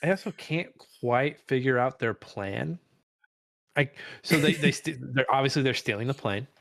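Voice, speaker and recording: A man's voice: medium pitch, moderate pace, gravelly, a bit bright. A man co-hosting a movie podcast, chatting casually and joking, often restarting his sentences as he builds a point. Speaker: podcast co-host. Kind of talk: casual movie review chat.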